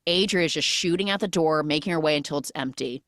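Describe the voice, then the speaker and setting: A woman hosting a movie recap podcast who retells the plot in an animated way and acts out the characters' lines. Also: low-pitched, quick pace, no echo, clean studio sound. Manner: animated storytelling, quoting characters. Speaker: podcast host.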